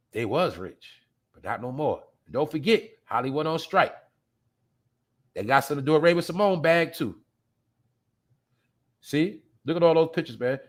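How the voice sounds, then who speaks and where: Guy w/ aave ranting to his viewers, cussing, loud then mumbling low. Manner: blunt ranting, addresses viewers directly; swings between loud outbursts and low mutters. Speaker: podcast host. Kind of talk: casual profane commentary.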